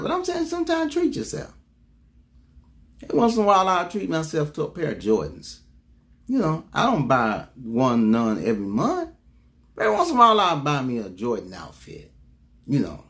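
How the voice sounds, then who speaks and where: Male preacher, slightly high voice, emphatic sermon delivery, repeats key lines, call-and-response with the congregation.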